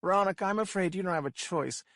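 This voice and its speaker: Audiobook villain: male reader as a calm, controlling kidnapper, condescending, slightly raised pitch. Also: fast talker, no room sound, clean studio sound. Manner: cold, patronizing, squawking.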